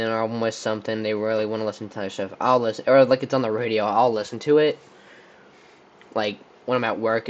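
A man's voice: medium pitch, a little hiss or hum. A young man from Texas playing a would-you-rather game on his channel, thinking aloud and rambling with lots of fillers and restarts. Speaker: channel host. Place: room with a squeaky chair.

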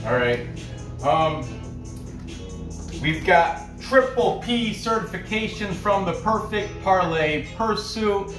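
A man's voice: sits high, lively intonation, takes it slowly. A man hosting a fight picks show, rambling casually through each picker's calls, laughing and trash-talking along the way. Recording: roomy echo, distant mic, faint music.

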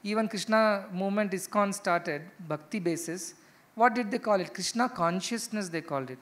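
A man's voice: high-pitched, normal speed, a bit bright. A middle-aged man with an Indian English accent giving a spiritual discourse, emphatic, firing rhetorical questions and repeating key phrases. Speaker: spiritual teacher. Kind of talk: spiritual discourse to ashram residents.

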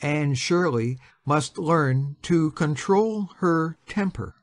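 A woman doing a stern, slow-spoken schoolmaster. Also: low-pitched, expressive. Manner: slow, heavy, disapproving. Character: stern solemn male schoolteacher, middle-aged. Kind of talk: audio drama acting.

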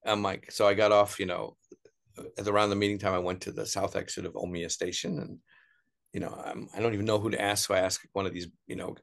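A middle-aged American man telling stories as an interview guest, animated, putting on voices for the people he quotes. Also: on the low side, fast talker, vocal fry. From United States. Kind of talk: casual storytelling interview.

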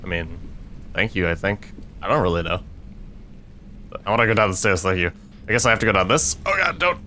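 A man's voice: sits low, brisk, bright, forceful tone, a little hiss or hum. A young man commentating a video game he is playing, sarcastic and swearing a lot in frustrated outbursts. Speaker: let's play gamer.

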